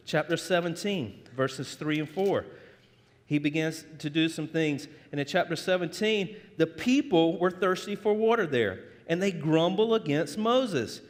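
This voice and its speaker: Male pastor, sermon, high voice, lively and joking, long church reverb. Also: a little slow. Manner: conversational, animated, joking with the congregation. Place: church sanctuary.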